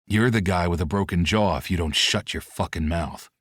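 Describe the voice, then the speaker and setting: A hard, growling bodyguard, as a male narrator puts him on, his voice pitched low and quietly lethal. Every line sounds dry and close, like a threat spoken right at your ear. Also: normal speed, dry recording. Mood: menacing. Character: growling, menacing bodyguard man.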